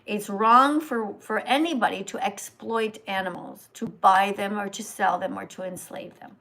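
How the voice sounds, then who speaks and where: An older woman hosting a livestream, lecturing and correcting a reader's pronunciation slowly and sternly. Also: medium pitch, gravelly, a bit bright. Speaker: host, vegan teacher. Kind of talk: livestream reading lesson.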